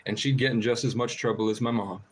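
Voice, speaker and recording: A man's voice: mid-range voice, fairly even intonation, fast, a little hiss or hum. A man rambling through stories on a casual livestream, laughing and swearing as he goes. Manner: profane, laughing, rambling storytelling. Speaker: livestream host.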